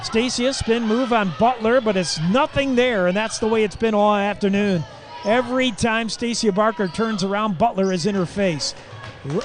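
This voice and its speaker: A man calling a high school girls basketball game live on local radio, with quick, excitable calls that jump into shouts on big plays and folksy asides to listeners. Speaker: play-by-play announcer.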